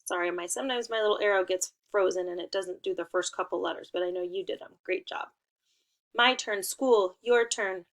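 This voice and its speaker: A woman's voice: medium pitch, brisk, hardly any pauses. A woman teaching young children a remote lesson, giving playful and encouraging instructions.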